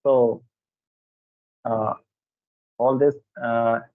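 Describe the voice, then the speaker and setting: A man's voice: medium pitch, level tone, very slow, no room sound. A man with an Indian English accent, a guest in a casual chat, speaking hesitantly with frequent fillers. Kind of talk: casual conversation. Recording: dry tinny phone line.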